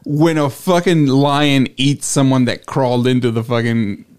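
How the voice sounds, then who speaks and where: Male co-host, mid-pitched, relaxed, cussing storyteller. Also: a little slow, smooth. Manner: profane, laid-back news storytelling. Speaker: podcast co-host. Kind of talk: casual chat.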